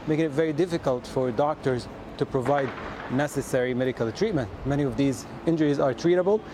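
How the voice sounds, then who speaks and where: A man reporting live from the field for a news broadcast, speaking haltingly with many fillers and restarts. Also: medium pitch. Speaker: field correspondent. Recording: noisy outdoor line. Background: drone and street noise.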